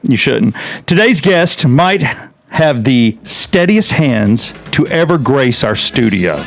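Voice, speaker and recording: A man's voice: mid-range voice, sing-song, slow, faint music behind. A man hosting a podcast, joking and playful as he introduces a guest in casual chat. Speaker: podcast host.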